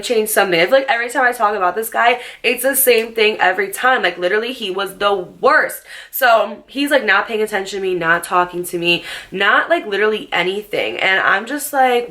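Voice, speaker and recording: Sassy, bright-voiced woman telling a story. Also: medium pitch, a little fast, hardly any pauses. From New Jersey. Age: late 20s. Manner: animated, sassy, swears freely. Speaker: storytime vlogger. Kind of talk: casual storytelling to camera.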